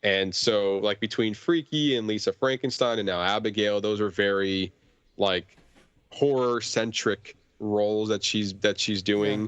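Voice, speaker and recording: A man's voice: on the low side, fairly even intonation, measured pace, fairly bright tone, clean tone, no room sound, dull audio. A man chatting casually in a movie review podcast, rambling with many fillers and restarts. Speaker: podcast host or guest.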